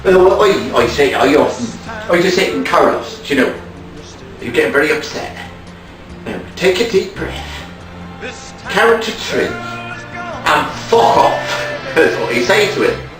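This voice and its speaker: A man playing a hesitant, stammering presenter who tries to calm others, recorded from far off in an echoey room. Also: on the high side, slow pace, over music, pitched below the performer's own voice. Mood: placating.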